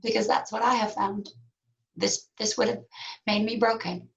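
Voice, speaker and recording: A woman guest in an interview, speaking heartfelt and reflective, with pauses and fillers. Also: mid-range voice, flat delivery, vocal fry, muffled recording. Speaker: actress guest. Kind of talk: interview conversation.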